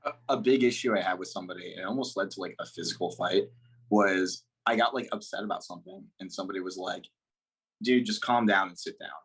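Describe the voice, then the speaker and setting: Husky, blunt, chatty man. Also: sits low, fast talker, fairly bright tone. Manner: chatty, blunt, lots of "like"s, laughs easily. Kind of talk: casual chat.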